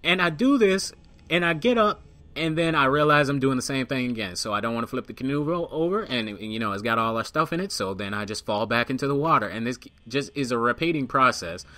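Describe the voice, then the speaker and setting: A young man narrating a funny story over gameplay footage for his channel. His voice is bright and forward, recorded close and dry with no room sound. He swears casually and jumps up loudly whenever he acts out someone in the story. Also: mid-range voice, fairly quick, no room sound. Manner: animated storytelling, swearing, acting out quotes loudly. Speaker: gaming channel host.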